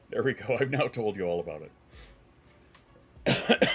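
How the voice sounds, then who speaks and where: Streaming from home, a man with a deep, husky, stuffy-sounding voice rambles casually, tosses out the odd swear word and replies to his viewers. Soft music plays faintly behind him.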